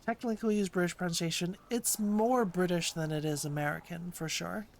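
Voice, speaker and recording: A woman's voice: on the low side, fairly even intonation, fairly quick, a little mellow, slight background noise. A woman hosting a casual language-learning livestream, talking in a playful, rambling way. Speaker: host of a language-learning stream.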